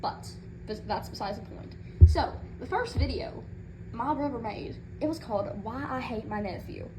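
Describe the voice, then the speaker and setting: High-pitched lady ranting as a protective mama, sassy and rambly, lots of noise behind her. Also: moderate pace. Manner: sassy, rambling, indignant, with Southern-style turns of phrase. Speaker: channel creator in character as a proud mother. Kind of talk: comedic in-character rant to camera. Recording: noticeable background noise.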